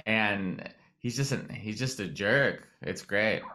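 A man's voice: lowish voice, slow, pushed and bright. A man hosting a casual chat who asks questions and jokes with his guests. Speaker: podcast host, comedian.

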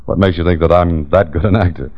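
A man's voice: sits low, fairly even intonation, fast talker. An actor playing a wry male detective who narrates and trades dry wisecracks in a 1940s radio drama. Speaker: hero and narrator. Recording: dull old radio broadcast with music.

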